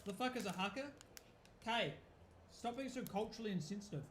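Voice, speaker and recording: A man's voice: high voice, lively intonation, brisk, fairly bright tone, echoey room, a little hiss or hum. A man with a New Zealand accent, chatting casually through a live football watch-along, rambling and swearing freely. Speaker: football fan streamer.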